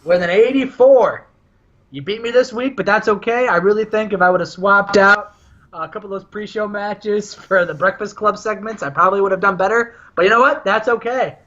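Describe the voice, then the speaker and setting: A man's voice: sits high, brisk, sharp tone, muffled recording. A man co-hosting a podcast, telling stories animatedly and laughing often. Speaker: podcast co-host. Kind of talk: casual storytelling chat.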